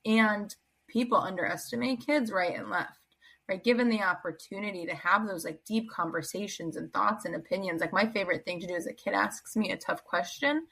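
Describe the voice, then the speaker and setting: Bright, husky-voiced woman guest. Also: mid-range voice, poor audio. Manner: chatty, many "like" and "you know" fillers. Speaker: Jewish educator, podcast guest. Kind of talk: casual podcast interview.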